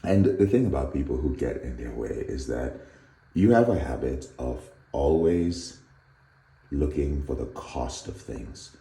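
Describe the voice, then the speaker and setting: A man with a deep, very dark and mellow voice gives an earnest motivational talk, animated and storytelling. His voice rings around an echoey room. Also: a little slow. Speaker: recovery coach.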